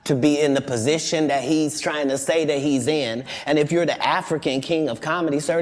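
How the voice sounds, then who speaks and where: A man's voice: fairly high pitch, darkish tone. A male comedian talking in an interview, assertive and matter-of-fact, rambling through his points. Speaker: comedian guest. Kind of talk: interview conversation.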